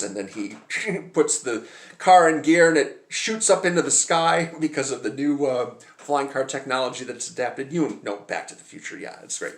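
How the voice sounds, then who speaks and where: A man's voice: medium pitch, lively intonation, moderate pace. A man chatting casually to camera about movies, rambling and hesitant with lots of filler sounds. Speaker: movie vlogger. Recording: roomy echoey room.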